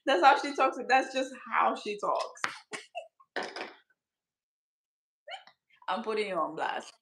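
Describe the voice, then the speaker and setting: A woman's voice: fairly high pitch, sing-song, slow pace, reverberant, background noise. A woman hosting a casual skincare channel chat, teasing her friend and laughing often.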